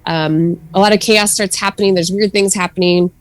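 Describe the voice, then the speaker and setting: A woman's voice: medium pitch, steady tone, normal speed, no echo. A woman guest in a casual podcast chat, talking freely with fillers and frequent laughs. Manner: chatty, laughs often, many fillers.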